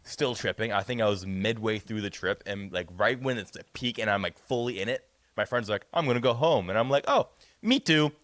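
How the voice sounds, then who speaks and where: A young man co-hosting a podcast, rambling through a profane, animated story in casual chat. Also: lowish voice, brisk, no echo. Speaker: podcast co-host.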